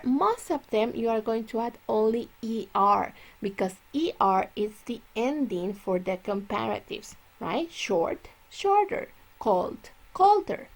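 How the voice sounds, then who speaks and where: Gravelly-voiced woman teaching English. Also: fairly high pitch. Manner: explains slowly, drawing out example words, switching into Spanish. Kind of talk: classroom grammar lesson.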